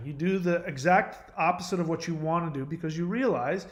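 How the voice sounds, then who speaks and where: A middle-aged American host rambles through a casual monologue in a brisk, somewhat high voice with barely any pauses. He's blunt and profane, often hedging that he doesn't know.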